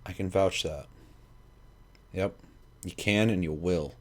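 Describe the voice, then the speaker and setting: A man's voice: low voice, takes it slowly. A man streaming casually, swearing a lot and rambling at his chat as he sets up a video. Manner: profane, rambling, talks to chat. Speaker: gaming streamer.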